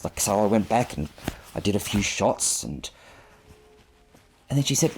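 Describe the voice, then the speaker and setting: A man's voice: on the low side, sing-song, moderate pace, pauses often, a little mellow, soft background music. A man in his fifties, a photographer, tells a personal story in an earnest, reflective and self-deprecating way, speaking into a clip-on microphone.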